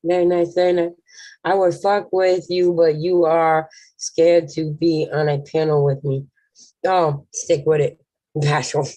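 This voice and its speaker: A woman's voice: deep voice, level tone, measured pace, mellow, dry recording. A woman hosting a casual online panel chat, blunt and teasing, swearing freely. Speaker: panel host.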